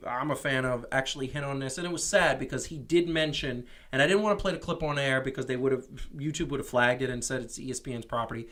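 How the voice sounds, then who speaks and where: A man co-hosting a casual sports talk show, animated and opinionated, often restarting his sentences. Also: mid-range voice, fast, hardly any pauses. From New York. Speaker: podcast co-host. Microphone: streamed show mic.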